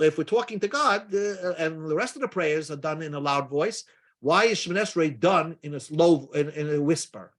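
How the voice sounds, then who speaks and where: Guy with a high voice teaching talmud, casual asides, lots of hebrew and aramaic terms. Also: fairly bright tone. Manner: explains step by step, casual asides. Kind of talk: daily Talmud lesson.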